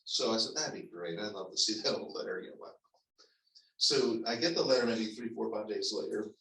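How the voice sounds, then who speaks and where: Pastor guy rambling thru a story, bright voice, echoey church from a ways off. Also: on the low side, vocal fry. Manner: conversational, halting with restarts and laughs. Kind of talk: storytelling sermon. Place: church sanctuary. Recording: echoey church hall, mic at a distance.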